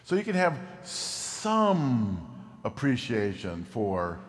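This is a man preaching animatedly from the pulpit, his key words weighted by a low, slowed delivery. Sound bounces around a large hall, leaving a long reverb tail.

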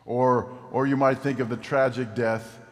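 A male pastor delivers an animated sermon, sinking his voice low and slow to stress key words. The recording carries the long reverb of a large hall.

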